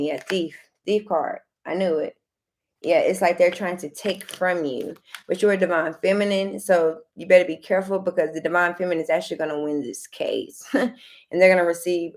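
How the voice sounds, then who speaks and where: A woman's voice: on the low side, gravelly, a little mellow, slight background noise. A young woman giving a casual tarot reading straight to her viewers, loose and slangy, repeating phrases and restarting often. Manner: loose, slangy and direct, talks straight to the listener. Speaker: tarot card reader.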